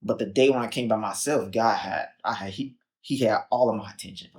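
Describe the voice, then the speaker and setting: Speaking at a fairly quick clip in a fairly low voice, this young Chicagoan is a podcast guest recounting his story. He's casual and animated, acts out the quotes, and leans on "like" and "um."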